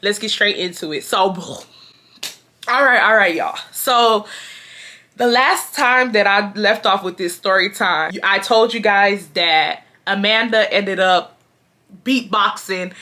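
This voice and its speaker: A young woman, chatting casually as a vlogger and telling a story in an animated, slangy way. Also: medium pitch. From Houston, Texas. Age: 20s.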